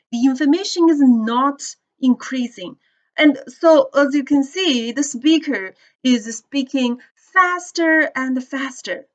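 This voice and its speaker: A woman teaching English pronunciation to a class, explaining slowly and checking in with students as she goes. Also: high-pitched, lo-fi sound. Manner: slow, deliberate explaining with questions to the class. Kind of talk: classroom lecture.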